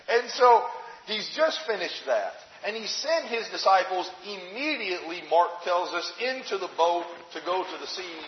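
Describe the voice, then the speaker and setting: A man preaching a sermon in a conversational way, asking rhetorical questions and acting out the story as he retells it. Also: high-pitched. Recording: echoey hall, dull lo-fi sound.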